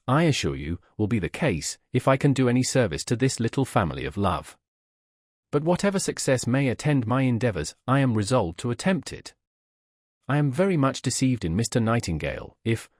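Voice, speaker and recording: An earnest, kind-hearted young gentleman speaks in a reassuring way, as a man reads him in an audiobook. His pitch moves lively. The recording is dry and close. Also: no room sound. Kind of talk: audiobook character reading.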